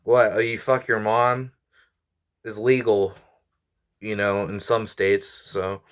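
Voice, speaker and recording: A man's voice: lowish voice, flat delivery, slow, a bit bright, smooth. Frustrated young man venting with sighs. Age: 20s. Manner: frustrated, rambling, sighing, apologetic. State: stressed and weary. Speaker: YouTuber and comedian. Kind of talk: venting vlog to camera.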